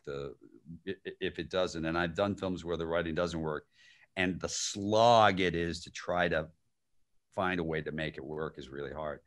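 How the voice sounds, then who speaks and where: A man, the guest filmmaker and actor, telling anecdotes over a video call and laughing through his stories. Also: low voice. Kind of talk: live-streamed conversation.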